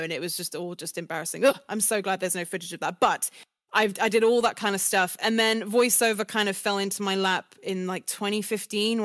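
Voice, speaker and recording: A woman's voice: medium pitch, fairly bright tone, no room sound, clean studio sound. A woman of twenty-nine, a voice actor, chatting in a giggly way full of fillers. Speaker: voice actor guest. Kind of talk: casual interview chat.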